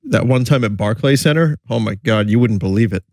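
A man's voice: on the low side, fairly quick, darkish tone, dry recording, clean studio sound, faint music behind. A man who is a little sick, giving wry, joking live commentary on commercials as a streamer. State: sick, voice affected.

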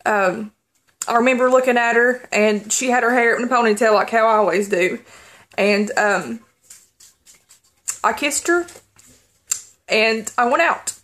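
A woman vlogger holding back tears as she tells a personal story, halting and rambling with many pauses and restarts. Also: fairly high pitch, steady tone, a bit bright.

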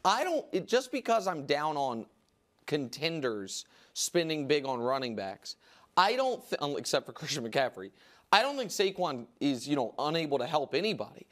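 A man hosting a sports talk show, making emphatic, argumentative points in a fast debate style. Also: a little high, very animated, a bit bright.

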